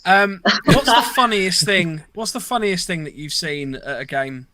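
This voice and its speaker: A man's voice: high voice, expressive, measured pace, sharp tone, dry recording. A British man hosting a podcast, speaking earnestly and reading out chat comments. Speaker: podcast host.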